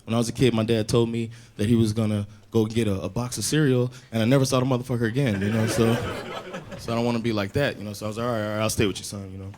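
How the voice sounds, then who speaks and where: A man doing loose, animated stand-up comedy on a club stage into a handheld mic. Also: medium pitch, racing, slight background noise. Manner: loose, animated, acts out scenes. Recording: live club, audience laughter.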